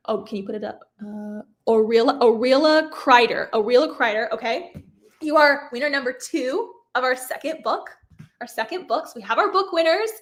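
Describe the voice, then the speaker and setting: This craft host's voice is high-pitched and animated, moving at a moderate pace. She's in her thirties, running giveaway chat on her live stream, full of bubbly chatter, frequent laughter, and apologies when a name trips her up.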